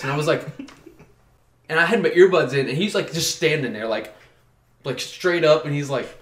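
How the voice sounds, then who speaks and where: A young man, a podcast co-host, tells an animated story to his friends and leans on "like" as he goes. His voice sits in the middle range. The room echoes around him. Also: mid-range voice, brisk. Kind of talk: casual chat.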